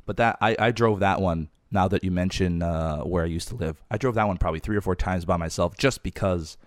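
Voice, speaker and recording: A man hosting a podcast, talking softly because he is losing his voice, in a casual, rambling chat. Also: deep voice, brisk, no echo, studio quality. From Canada. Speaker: podcast host.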